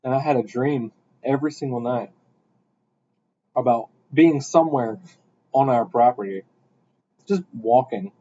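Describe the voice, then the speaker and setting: A young man telling a rambling story in casual podcast chat, with animated bursts. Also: medium pitch, a little slow, long pauses, husky. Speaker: podcast host. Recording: dull lo-fi sound.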